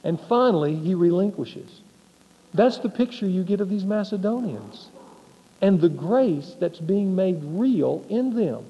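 High-voiced man preaching in a reverberant hall. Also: lively intonation, measured pace, highs cut off. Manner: emphatic preaching with rhetorical questions. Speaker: pastor. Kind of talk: sermon.

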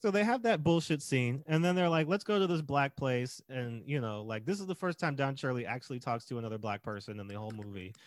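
Animated man retelling a film. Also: mid-range voice, fast, hardly any pauses, no echo, clean studio sound. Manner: animated, acts out scenes, laughs often. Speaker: podcast co-host. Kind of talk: casual film critique chat.

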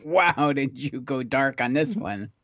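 A man's voice: mid-range voice, animated, unhurried, a bit bright, no echo. A man co-hosting a podcast in casual comedic chat, wry and incredulous. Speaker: podcast co-host. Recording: dull lo-fi mic.

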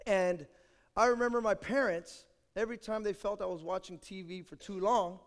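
A male pastor preaching a sermon with dramatic storytelling, swinging between loud and soft. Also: high-pitched, steady tone, moderate pace. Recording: echoey hall.

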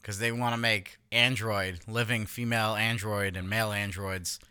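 A man's voice: fairly low pitch, steady tone, normal speed, sharp tone, clear, resonant tone, no room sound. A young man co-hosting a podcast, cracking crude jokes in casual chat. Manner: joking, crude asides and movie references. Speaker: podcast co-host.

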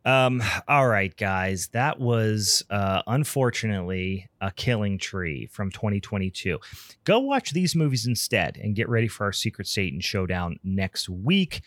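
Low-voiced man ranting on a podcast. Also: lively intonation, unhurried, fairly bright tone, no echo, clean studio sound. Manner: rambling, profane, laughing rants. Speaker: podcast co-host. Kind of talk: casual podcast chat.

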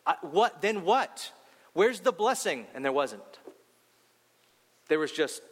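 Young adult male pastor, slightly high voice, preaching with rhetorical questions, heard in a reverberant hall. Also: slow pace, long pauses. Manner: animated storytelling, rhetorical questions, pitch rising when heated. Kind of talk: sermon.

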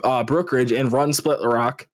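A young man chatting casually on a podcast, telling animated stories full of laughter and swearing. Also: mid-range voice, measured pace. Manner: animated storyteller, swearing, laughing, going on tangents. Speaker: podcast co-host. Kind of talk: casual chat.

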